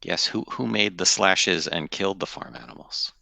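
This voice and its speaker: Deep, gravelly male player. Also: normal speed, bright, forceful tone, no echo. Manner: blunt, direct questions. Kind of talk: in-character tabletop play.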